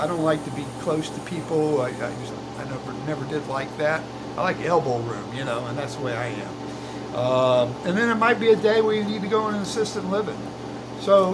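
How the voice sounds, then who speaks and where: A man's voice: on the high side, noisy background. An older retired man talking casually about his plans, folksy and meandering, with lots of fillers and restarts, next to an old truck in his workshop. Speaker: retired vlogger. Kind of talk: casual rambling chat.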